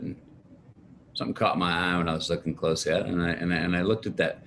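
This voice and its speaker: A man in his fifties with a Texan accent, a guest in a casual interview who tells stories with animated voices and frequent laughter. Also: low voice, a little hiss or hum. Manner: animated storyteller, laughs often, acts out quoted voices. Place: his home.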